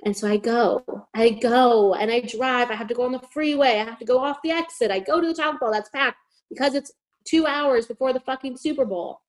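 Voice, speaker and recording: A young woman hosting a podcast, telling a long story in casual chat, animated, swearing, and saying "like" constantly. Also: fairly high pitch, brisk. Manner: animated, swearing, heavy use of "like". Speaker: podcast host.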